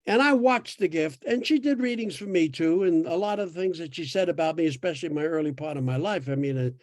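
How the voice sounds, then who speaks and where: An elderly man in his eighties, from New York, talks in a rather high voice. He tells long, winding stories with restarts and the odd laugh, recorded dry and close with no room sound. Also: a little fast, darkish tone, no room sound. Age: 80s. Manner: rambling storyteller with restarts and laughs. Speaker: podcast guest sharing his experience. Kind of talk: casual conversation.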